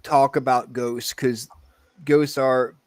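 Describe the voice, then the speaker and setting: A man's voice: medium pitch, level tone, takes it slowly, dry recording. Joking male talk-show host, dry sound. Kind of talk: casual chat.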